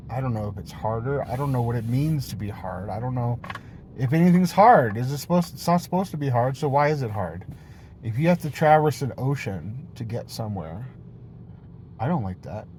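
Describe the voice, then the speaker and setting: A man's voice: medium pitch, warm tone, slight background noise. Rambling, profane, playful man vlogging. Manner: meandering, jumps between topics, swears freely; playful, silly tone. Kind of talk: rambling casual monologue.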